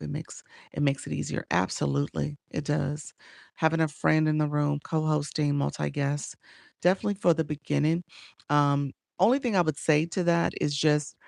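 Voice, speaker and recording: A woman's voice: sits low, vocal fry, darkish tone, dry recording, clean studio sound. A woman with a Chicago accent, coaching viewers on a live stream in a chatty way. She laughs often and greets people by name between tips.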